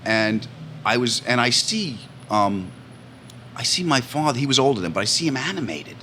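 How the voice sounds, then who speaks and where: A man tells stories in a casual chat and acts out the people in them. His voice is bright and forceful. There is a faint hiss of room noise under the talk. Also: mid-range voice, normal speed. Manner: animated storyteller, acts out family voices. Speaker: comedian guest.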